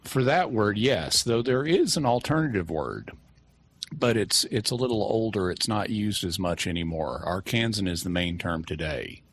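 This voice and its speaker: A man answering listener questions on a talk show, measured and precise, with a dry wit. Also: fairly low pitch, animated, breathy edge. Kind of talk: explanatory talk.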